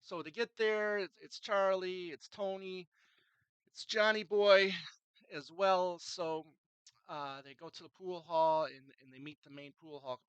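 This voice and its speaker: A man's voice: sits high, steady tone, measured pace, a bit bright, clean tone, dry recording, poor audio. A man casually reviewing a film, retelling its scenes in a rambling way with many fillers and restarts.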